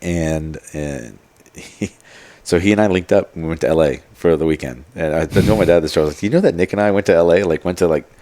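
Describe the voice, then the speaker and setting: A man's voice: deep voice, fast talker, warm tone. A man telling stories as a podcast guest, in a rambling casual way full of fillers and quoted asides. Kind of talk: casual storytelling.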